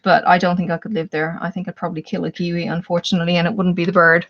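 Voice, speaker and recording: A woman's voice: fairly low pitch, level tone, very fast, a little hiss or hum. Australian woman, livestream host, chatty and rambling, laughs a lot, slightly dull recording. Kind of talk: casual chat with live viewers.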